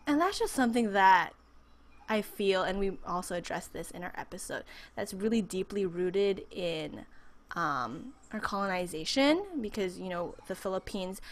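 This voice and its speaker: A woman's voice: lowish voice, normal speed. A woman raised in the United States, a podcast guest in a casual interview, talking with animation and acting out the voices she quotes.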